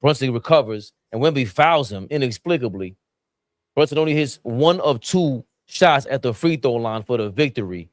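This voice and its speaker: A man's voice: medium pitch, lively intonation, normal speed, no echo, studio quality. A man recapping the end of a basketball game play by play, with a dramatic slant.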